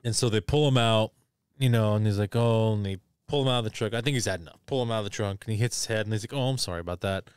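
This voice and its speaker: A man's voice: on the low side, steady tone, racing, clean tone, no room sound, studio quality. Rambling, profane man recapping a movie. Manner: rambling, profane, acts out scenes. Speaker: podcast co-host.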